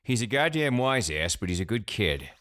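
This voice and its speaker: A man voicing a cranky, gruff grandfather who grumbles and swears in a folksy way. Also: lowish voice, very animated, moderate pace, a bit bright, pitched above the performer's own voice.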